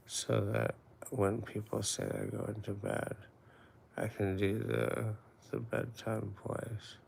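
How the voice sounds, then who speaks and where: A man's voice: on the low side, creaky, a little hiss or hum. A man streaming late at night from home, rambling in casual chat and murmuring and half-whispering to his pets. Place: home at night, woods outside.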